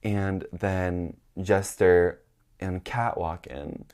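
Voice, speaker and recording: A young man telling a party story in casual chat, filling it with "like" and acting out the quotes in high, excited voices. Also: drawn-out words, smooth. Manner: chatty, heavy use of "like", acts out quotes in high excited voices.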